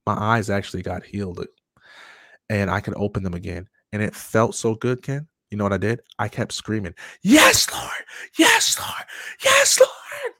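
A man being interviewed, telling his story with animated energy and laughter. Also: fairly low pitch, brisk, no room sound, clean studio sound. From Michigan. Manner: animated storyteller, acts out voices, laughs often. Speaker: guest.

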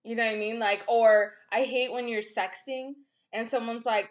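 Young woman podcast co-host, fairly high voice, blunt and animated, acts out quotes. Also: moderate pace. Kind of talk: casual chat.

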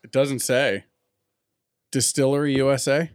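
A man hosts a relaxed chat over a bourbon tasting, rambling, poking fun at himself and laughing often. His voice sits at a middle pitch and is recorded close and dry, with no room sound. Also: unhurried, smooth, dry recording. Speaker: podcast host.

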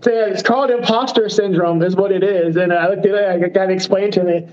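A man's voice: high voice, fairly even intonation, fast, lo-fi sound, crowd noise. A man, a professional fighter, talking casually in an interview, rambling with many fillers and poking fun at himself. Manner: rambling, self-deprecating, lots of fillers.

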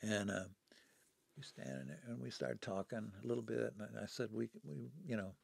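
A man in his seventies, guesting on a podcast, tells stories in conversation and dramatically acts out the people he quotes. His fairly low voice is expressive and creaky, running a little fast, with no echo in the recording.

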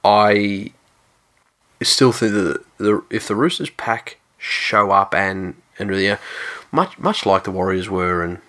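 A man's voice: lowish voice, slow pace, a bit bright. A man, co-hosting a sports podcast with dry, teasing, hesitant chat. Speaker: podcast co-host.

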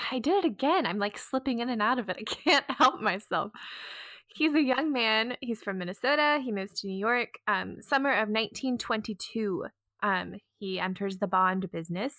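Young woman podcast co-host, relaxed and joking, many fillers, mid-range voice, dry close sound. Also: mid-range voice, no room sound. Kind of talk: casual plot summary.

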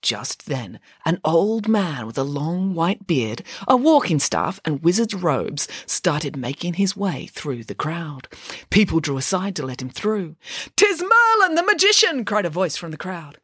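Woman, expressive storybook reading, comic and lively, very animated pitch, dry close sound. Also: a little slow, slightly rough, no echo.

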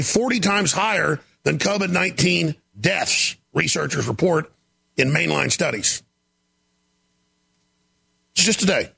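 A man hosting a talk show, delivering an emphatic, ranting monologue with a gravelly voice. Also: on the high side. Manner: gravelly, shouting, emphatic rants.

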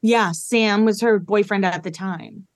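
A woman's voice: medium pitch, a little slow, no echo, studio quality. A woman in her thirties from Massachusetts, a podcast guest telling stories frankly in casual chat. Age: 30s.

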